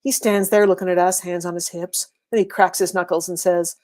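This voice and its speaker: A woman's voice: fairly low pitch, level tone, fairly quick, few pauses, a little mellow. Woman reading a wry first-person story. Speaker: reader.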